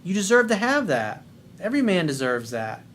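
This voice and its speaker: A middle-aged man giving dating advice in a loose, unscripted monologue. His voice sits fairly high for a man, and he speaks bluntly with plenty of swearing and hard emphasis. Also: very animated, moderate pace, a bit bright, a little hiss or hum. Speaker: dating coach.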